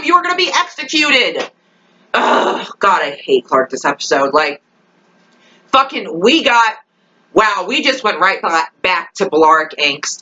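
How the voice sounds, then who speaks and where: A woman's voice: mid-range voice, bright, forceful tone, low-quality recording. A young woman ranting in a casual vlog, exasperated and rambling, full of fillers and swearing. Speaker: vlogger reacting to a TV episode.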